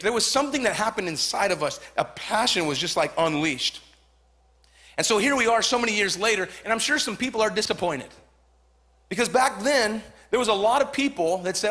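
Male pastor in his forties, Southern Californian accent, high bright voice, fervent sermon delivery with repeated lines. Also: animated, normal speed. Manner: fervent, repetitive, rising to shouts.

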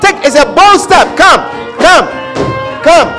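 A male preacher with a high voice, drawing out his words slowly as he pleads with the congregation. He repeats himself fervently, slips into tongues, and leads a repeat-after-me prayer. Soft instrumental music plays behind him. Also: expressive. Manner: fervent, repetitive, speaks in tongues; leads call-and-response prayer. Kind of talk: altar call sermon.

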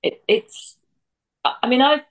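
A woman's voice: high-pitched, unhurried, poor audio. A woman from England, an actress on a chat panel, frank and full of restarts. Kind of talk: casual chat.

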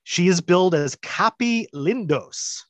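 A man's voice: high voice, unhurried. Male podcast co-host, easygoing casual conversation. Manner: relaxed, chimes in with short agreements. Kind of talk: casual chat.

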